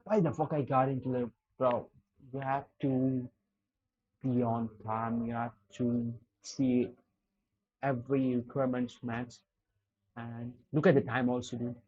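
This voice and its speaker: A man's voice: medium pitch, flat delivery, measured pace, a little mellow, dull audio. A man streaming live trades, smoking a cigarette while talking to his chat in an exasperated, heavily cursing way. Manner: exasperated, heavy cursing, talks to chat as "dude" and "bro".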